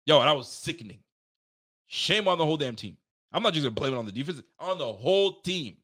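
A man hosting a casual sports podcast, animated and swearing freely, talking straight to his listeners and breaking into loud outbursts. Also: medium pitch. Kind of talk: casual fan commentary.

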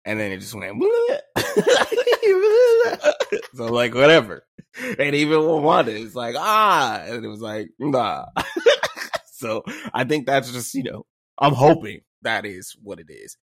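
A man co-hosting a podcast in casual chat, expressive and joking, laughing a lot. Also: medium pitch, normal speed, no echo, studio quality. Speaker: podcast co-host.

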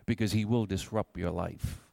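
A man's voice: on the low side, steady tone, moderate pace, creaky, dark tone, dry recording, studio quality. A man preaching a sermon in an earnest, questioning, emphatic way. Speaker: pastor.

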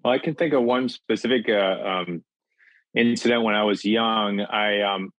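A man's voice: on the low side, normal speed, dry recording, highs cut off. A middle-aged man from Minnesota, a podcast guest telling a personal story in an earnest, candid way. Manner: earnest, animated when acting out quotes.

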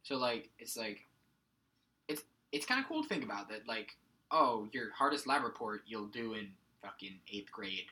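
A young man co-hosting a podcast in casual chat, talking in halting restarts and swearing freely. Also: on the low side, big pitch swings, pushed and bright. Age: young adult. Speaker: podcast co-host.

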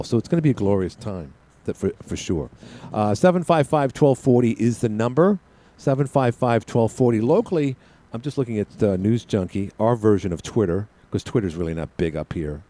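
A man's voice: on the low side, warm tone. A male radio talk show host talking solo in a studio, rambling with frequent restarts and asides. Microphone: studio mic with headset.

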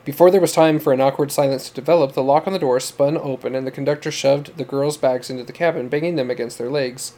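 A man narrating a story in a steady, measured reading for an audiobook podcast. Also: medium pitch.

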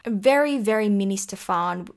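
A woman's voice: mid-range voice, animated, moderate pace, gravelly. A woman co-hosting a casual chat about figure skating, chatty and gushing with playful asides. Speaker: podcast co-host.

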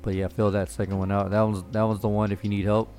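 A man's voice: fairly low pitch, level tone, quick pace, darkish tone, faint music behind. A man, telling stories in a casual, profane chat, often laughing as he talks.

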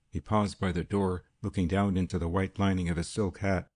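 A man narrating a period crime novel in a steady, measured reading. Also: deep voice. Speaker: audiobook narrator. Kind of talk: scripted narration.

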